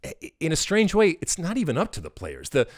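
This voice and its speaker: A middle-aged man hosting a casual podcast, talking in an animated, emphatic way that swings into loud exasperated rants. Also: fairly high pitch, brisk, no room sound, studio quality. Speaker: podcast host.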